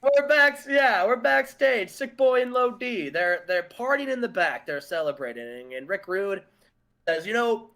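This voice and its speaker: A man with a fairly high, animated voice narrating a wrestling booking game in casual chat. He laughs easily at his own slips and moves quickly between match results and backstage scenes.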